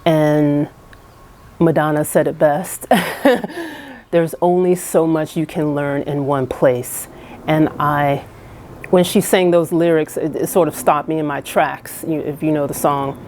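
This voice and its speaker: A woman's voice: low-pitched, slow, darkish tone, a little hiss or hum. A woman vlogger talking straight to camera in a casual, earnest and encouraging way, full of small restarts and fillers, from a house she is minding.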